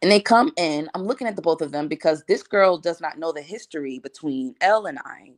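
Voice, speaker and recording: A woman in her thirties telling a casual storytime vlog in a relaxed, slangy way, acting out her own past lines. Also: sits low, a little fast, no echo, studio quality. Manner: relaxed slangy conversational delivery. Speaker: vlogger.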